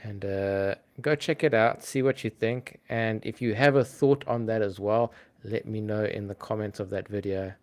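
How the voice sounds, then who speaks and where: Relaxed, chatty man, fairly low voice. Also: normal speed, hardly any pauses. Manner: relaxed, chatty, frequent ums. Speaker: livestream host. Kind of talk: casual livestream chat.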